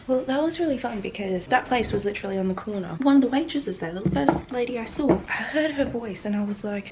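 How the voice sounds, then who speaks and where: A young Australian woman vlogging while she travels, chatting in a rambling, excitable way into a handheld camera. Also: mid-range voice, fast talker, few pauses, music in the background. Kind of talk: casual travel vlog. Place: hotel room, then outdoors on streets.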